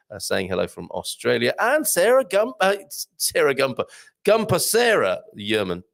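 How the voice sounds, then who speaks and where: A man's voice: medium pitch, vocal fry. A man hosting a casual livestream, chatting and greeting viewers by name, often laughing and rambling. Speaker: livestream host. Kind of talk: casual live chat reading viewer comments.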